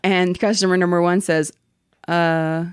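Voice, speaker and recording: A woman's voice: mid-range voice, expressive, unhurried, no echo, clean studio sound. A woman hosting a casual podcast, animatedly reading a listener's story aloud with swearing and laughter. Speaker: podcast host.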